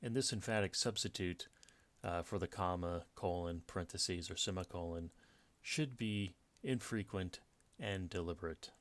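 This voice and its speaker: A man's voice: low voice, normal speed, a bit bright, no room sound. A man giving a step-by-step lecture on punctuation from slides, with frequent fillers and restarts. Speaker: writing teacher. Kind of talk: slide-based grammar lecture.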